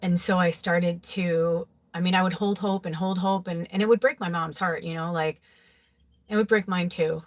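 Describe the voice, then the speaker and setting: Low-voiced woman telling a rambling confessional story. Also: fairly even intonation, normal speed. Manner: rambling, filler-heavy, with frequent "like"; emotional, confessional. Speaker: psychic tarot reader. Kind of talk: casual personal storytelling.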